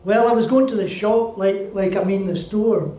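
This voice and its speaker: A man's voice: high voice, normal speed, dark tone, lightly acted. A man voicing a shy, stumbling young Scot. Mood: awkward. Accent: Scottish. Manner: hesitant, stumbling. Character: shy young Scottish man, awkward and halting. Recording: roomy, distant live reading.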